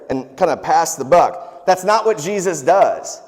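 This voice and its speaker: A man in his younger adult years preaches in a relaxed, conversational way, slipping into asides and stories from his own life. His voice sits a little on the high side. A long reverb trails behind him, as in a large church hall. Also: moderate pace. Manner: conversational, animated storytelling with asides. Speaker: pastor. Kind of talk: sermon.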